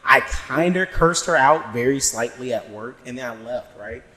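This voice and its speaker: A man in his thirties from Tennessee, telling a story on a casual podcast, animated and swearing freely as he acts out quotes. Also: medium pitch, normal speed. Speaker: podcast co-host. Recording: echoey room.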